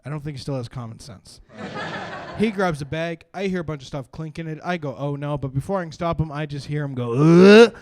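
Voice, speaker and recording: A young man from Canada doing profane, animated stand-up storytelling on a live stream, jumping into shouted punchlines. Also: on the high side, fast, a crowd in the background. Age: young adult. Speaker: stand-up comedian.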